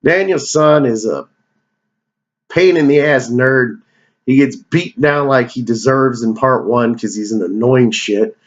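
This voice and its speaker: A man's voice: mid-range voice, a little slow, dull audio. A man giving a casual, rambling movie countdown, joking and cursing as he goes off on tangents. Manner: digressive, profane, joking. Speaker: movie review vlogger.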